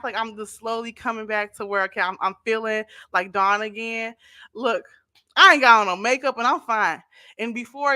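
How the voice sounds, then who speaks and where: St. louis woman on a live stream, chatty and emotional, reading comments, bright voice, faint music behind. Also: on the high side. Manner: emotional, talks to viewers directly, reads comments aloud. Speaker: YouTuber hosting a live stream. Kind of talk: casual live-stream chat.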